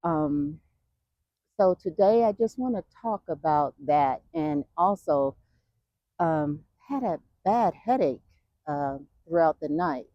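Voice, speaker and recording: A woman vlogger talking while out on a walk, reflective and emotional, with many fillers and pauses. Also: sits low, expressive, dry recording, lo-fi sound. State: walking. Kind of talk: casual walking talk.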